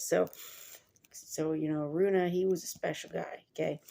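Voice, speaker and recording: A woman's voice: on the low side, fairly even intonation, moderate pace, creaky, warm tone. A woman reading a Bible passage aloud and breaking off into chatty, digressive commentary full of fillers.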